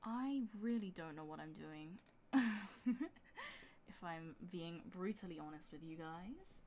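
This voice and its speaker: A woman livestreams her music production, her lowish voice slow but lively in intonation, with slight background noise. Electronic beats and synths play loudly behind her as she chats casually, thinks out loud, and pokes fun at herself.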